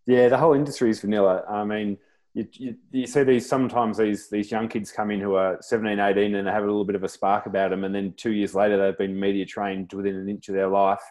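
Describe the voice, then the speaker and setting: A man co-hosting a podcast, talking in a thoughtful way with many pauses and fillers. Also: on the low side, flat delivery, darkish tone. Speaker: podcast co-host. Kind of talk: casual panel chat.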